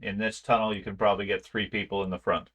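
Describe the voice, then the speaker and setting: A man runs a tabletop game, describing the scene at an easy pace and filling pauses with ums. His voice sits a little low but carries a bright, forward tone. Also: level tone. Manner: unhurried scene-setting with frequent ums. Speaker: game master.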